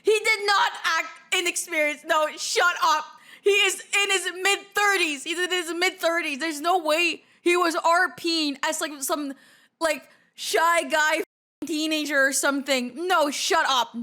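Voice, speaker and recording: A woman's voice: very high voice, fairly even intonation, a little slow, sharp tone. A woman from the Philippines giving live stream reaction commentary, cringing, groaning and exclaiming as she reacts.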